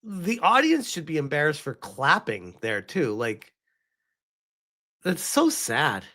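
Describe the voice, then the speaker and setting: A man's voice: a little high, sing-song, takes it slowly, sharp tone. A man commenting live on a stream, emotional and rambling, often restarting his sentences.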